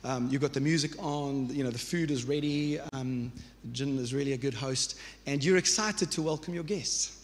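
A man's voice: medium pitch, normal speed. A man in his thirties preaching a sermon as pastor, earnest and conversational, with restarts and repeated phrases. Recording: reverberant church hall.

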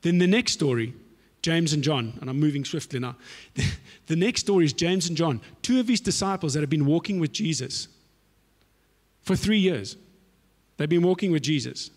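A man preaches in a casual, slangy way and turns his points into animated stories. His voice sits a touch high for a man. A long reverb from a large hall follows every phrase. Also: normal speed. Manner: animated storytelling, slangy and conversational. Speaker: pastor. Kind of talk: sermon.

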